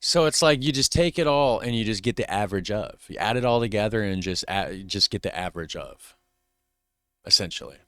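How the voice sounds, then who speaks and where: American male reaction host: deep, crisp-toned, dry mic, loose rambling delivery. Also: animated, fairly quick, a bit bright, no room sound. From United States. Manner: chatty, trails off and restarts mid-thought. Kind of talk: casual reaction commentary.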